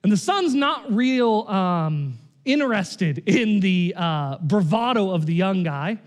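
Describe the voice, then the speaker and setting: Guy preaching a sermon, real high voice, chatty, keeps saying right?. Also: slow pace. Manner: conversational, animated, frequent "right?" and "like". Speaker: pastor.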